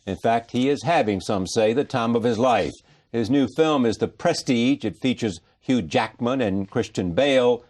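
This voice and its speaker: A man's voice: mid-range voice, moderate pace, darkish tone. A man hosting an interview, teasing his guest with playful prompts. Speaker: interviewer, host. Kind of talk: interview chat.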